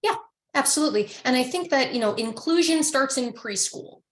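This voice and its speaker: A woman's voice: high voice, expressive, normal speed. A woman speaking as a guest in a casual webinar conversation, earnest and affirming.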